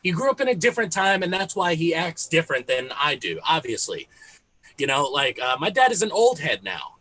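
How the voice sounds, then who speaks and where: A man's voice: a little high, sing-song, a little fast, bright, forceful tone, a little hiss or hum, low-quality recording. A man in his thirties from Texas doing a conversational stand-up set, laughing at his own jokes. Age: 30s. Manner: conversational, with fillers and self-amused laughs. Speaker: stand-up comedian.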